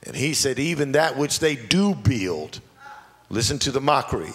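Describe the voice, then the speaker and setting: A pastor preaching a sermon, moving between quiet asides and shouted lines, laughing along the way. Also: male voice, medium pitch, moderate pace. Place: church sanctuary. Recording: long church hall reverb, faint ambience.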